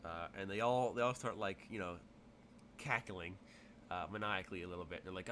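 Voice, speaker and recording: Acting as game master for a tabletop game, a man narrates in a rambling way, full of fillers and restarts. His voice is low, a bit bright, and fairly quick, with slight background noise.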